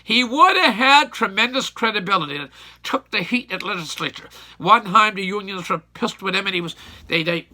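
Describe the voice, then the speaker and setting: A man's voice: high-pitched, animated, moderate pace, bright, forceful tone. An older man telling a rambling, opinionated recollection in a folksy, casual way, repeating points for emphasis. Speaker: YouTube storyteller.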